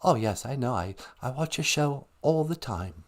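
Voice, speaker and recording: A man putting on a dead male English rock star's ghost with an English accent, speaking in a soft, formal, courtly way. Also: mid-range voice, lively intonation, moderate pace.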